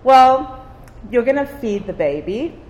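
Woman from Cyprus, informal devotional talk, unhurried, a touch high, roomy hall reverb. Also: very animated, a little mellow, a little hiss or hum. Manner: engaging, asks the listeners questions, repeats words for emphasis. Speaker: group leader giving a devotional talk.

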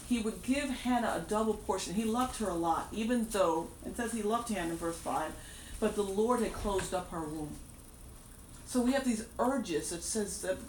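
A woman preaching a sermon, emphatic, repeating her key phrases for weight. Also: mid-range voice. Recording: echoey room, distant mic, faint background noise.

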